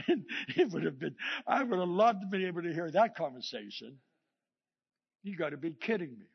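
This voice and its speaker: High-voiced pastor preaching on a dull recording. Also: male voice, brisk, vocal fry, slightly rough. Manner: animated storytelling, acting out the scripture quotes; chuckles often between points. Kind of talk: sermon.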